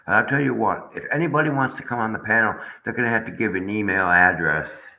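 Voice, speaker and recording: A man's voice: fairly low pitch, fast, sharp tone, poor audio. A man hosting a casual livestream chat, rambling and aggrieved as he talks to viewers in the chat. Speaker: channel host.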